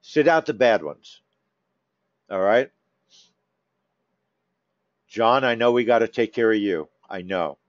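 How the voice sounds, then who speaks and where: A man's voice: lowish voice, expressive, slow pace, pauses often, no echo. A man hosting a live trading room, talking casually to members by name, coaxing and teasing them. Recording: dull, dry lo-fi stream audio.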